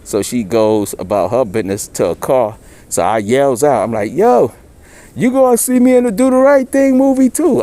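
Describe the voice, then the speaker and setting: Man in middle age, mellow low-key tone, slangy storyteller. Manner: slangy, loose street talk, acts out quoted voices higher. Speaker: interviewee. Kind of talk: casual storytelling.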